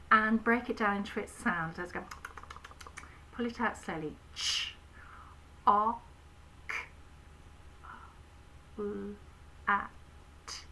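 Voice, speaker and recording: A woman with an English accent, an infant school teacher giving a slow phonics lesson to young children, sounding out words clearly. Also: mid-range voice, sharp tone, slight background noise, low-quality recording. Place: home, recording a home-learning video.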